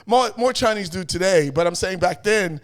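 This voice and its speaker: A middle-aged man, telling stories as an interview guest in an animated way, repeating phrases and acting out voices. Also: sits high, normal speed. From New York. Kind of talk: casual storytelling chat.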